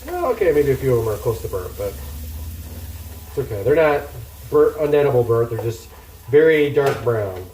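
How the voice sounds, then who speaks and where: A man's voice: mid-range voice, big pitch swings, normal speed, pauses often, a little mellow, a little hiss or hum. A man live-streaming himself cooking, chatting casually and joking at his own expense as he works. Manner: chatty and self-deprecating, talking to chat while working. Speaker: livestreamer cooking meal prep. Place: home kitchen.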